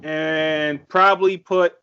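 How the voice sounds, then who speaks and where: A man's voice: a little high, fairly even intonation, takes it slowly, sharp tone, clean tone. A man co-hosting a podcast in casual chat, blunt and swearing freely. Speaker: podcast co-host. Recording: dull lo-fi audio.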